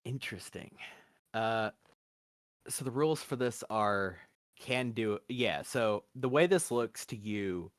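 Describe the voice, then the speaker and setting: A man narrating as game master, relaxed, with frequent fillers and easy laughs. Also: fairly low pitch, slow pace, dry recording, clean studio sound.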